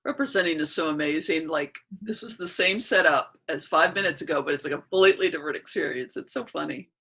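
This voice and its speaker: A woman runs a training session over a video call. Her voice sits slightly low, and she speaks gently and thoughtfully. She often pauses mid-sentence while searching for the right words. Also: breathy edge. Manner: soft, unhurried, searching for words. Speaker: workshop facilitator. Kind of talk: calm reflective talk in a training session.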